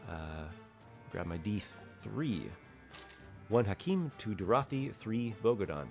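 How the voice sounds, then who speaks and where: A man's voice: fairly low pitch, takes it slowly, vocal fry, over music. A man running a tabletop game as game master, narrating and calling rolls. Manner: lively, animated narration with rolls and rulings.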